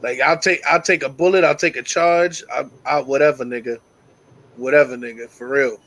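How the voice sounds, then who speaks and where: A middle-aged man hosting a call-in talk show, telling stories in a casual, profane and animated way. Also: medium pitch, normal speed, low-quality recording. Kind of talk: casual storytelling chat.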